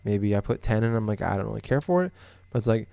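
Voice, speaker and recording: A young man from Iowa chatting on a gaming podcast in a low, easygoing voice. He rambles, circling back with fillers and restarts. The sound is dry and close, with no room around it. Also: animated, fast talker, vocal fry, warm tone, dry recording. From Des Moines, Iowa. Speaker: podcast co-host. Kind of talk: casual chat.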